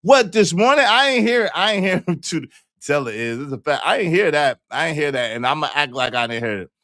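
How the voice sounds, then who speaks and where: A man hosting a casual livestream, reading viewer comments and joking in repeated denials, jumping between loud high exclamations and low mutters. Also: a little fast, no room sound, studio quality. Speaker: livestream host.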